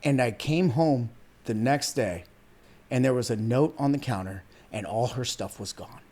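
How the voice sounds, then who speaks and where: An earnest man in his thirties from Iran talks as a podcast guest in a relaxed, conversational way. His mid-pitched voice carries heartfelt personal stories, sprinkled with "man" and "dude", and now and then he comes close to tears. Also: moderate pace. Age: 30s. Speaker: podcast guest, weight loss coach. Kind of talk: casual interview conversation.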